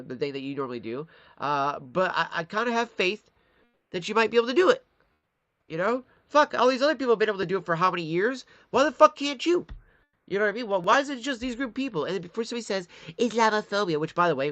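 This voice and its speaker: A man's voice: on the high side, fairly bright tone, no room sound. A man from Michigan ranting in a live-stream commentary, profane and rambling, talking straight to his chat. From Michigan, USA.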